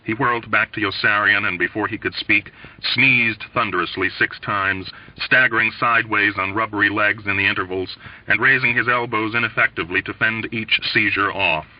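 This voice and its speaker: A man reading a novel aloud in a measured, expressive way. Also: fairly low pitch, far from the mic. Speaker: audiobook reader. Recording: dull lo-fi recording.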